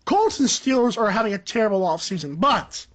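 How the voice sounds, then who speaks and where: A young man hosting a solo sports podcast, ranting in a rambling, animated, joking way. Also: brisk. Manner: animated, rambling, joking, pitch jumps up for emphasis. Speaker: podcast host.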